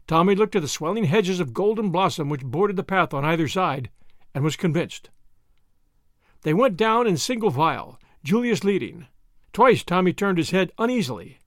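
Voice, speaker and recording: A man narrating an audiobook in an expressive storytelling manner. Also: high voice, normal speed, dry recording, clean studio sound. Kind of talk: scripted narration.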